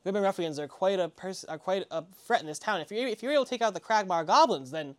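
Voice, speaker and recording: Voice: mid-range voice, expressive, quick pace, close to an everyday voice. A game master voicing an honest female dealer in armor and weapons, speaking politely and a little formally. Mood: earnest.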